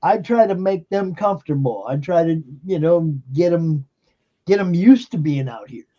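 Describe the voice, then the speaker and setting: A man's voice: on the high side, lively intonation, normal speed, dark tone, lo-fi sound. A man hosting a live stream, talking casually and emphatically with lots of fillers and swearing. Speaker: streamer and show host. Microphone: computer mic on a live stream.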